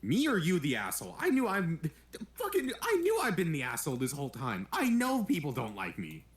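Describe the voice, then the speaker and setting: A man's voice: fairly high pitch, wildly swooping pitch, a little fast. A man playing a brash, defensive young male ranger who works alone, answering back with sarcasm and swearing in tabletop role-play. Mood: angry. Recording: roomy echo.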